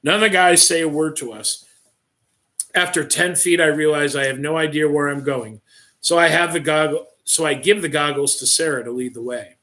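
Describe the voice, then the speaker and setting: A man's voice: a little high, steady tone, moderate pace, pushed and bright. A man reading his own first-person story aloud on a livestream, reading dramatically and breaking off for offhand asides.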